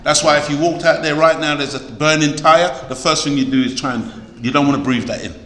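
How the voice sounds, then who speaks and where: A preacher or lecturer with a fairly high, slightly bright voice addresses a congregation briskly and in a steady tone. His sermon is emphatic and exhorting, with key words repeated for stress. The setting is a large, echoey hall, and long reverb hangs over the recording.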